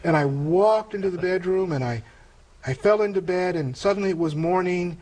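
An older man tells a personal story in an earnest, reflective way, often stopping and restarting his phrases. His voice sits a little on the high side for a man. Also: normal speed, darkish tone, poor audio. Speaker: interview guest telling a conversion story. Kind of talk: personal testimony in conversation.

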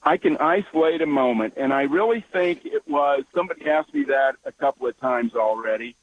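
A man's voice: medium pitch, a little fast, slight background noise. A man calling into a radio show, earnest and enthusiastic. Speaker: caller. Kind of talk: phone-in conversation. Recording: dull lo-fi radio call.

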